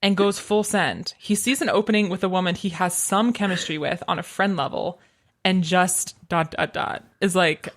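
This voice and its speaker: A woman's voice: lowish voice, fairly even intonation, moderate pace. A woman co-hosting a podcast, chatting in a wry, joking way. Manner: wry, joking, reads from notes. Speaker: podcast co-host. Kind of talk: casual chat recapping a TV episode.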